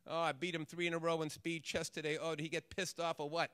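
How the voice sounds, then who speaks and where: A man's voice: on the high side, level tone, fast talker, fairly bright tone, smooth, no echo, close to an everyday voice. A man voicing a tough teenage boy who talks in a heartfelt, wondering way about a grown-up who believes in him. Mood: fond. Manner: wondering, heartfelt inner talk.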